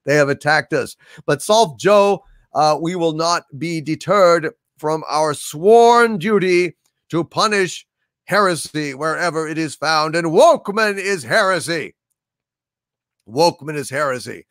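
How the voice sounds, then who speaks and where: A man's voice: fairly high pitch, a bit bright, dry recording, studio quality. An older man hosting a livestream, reading super chats aloud with grand, theatrical proclamations. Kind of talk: casual livestream chat.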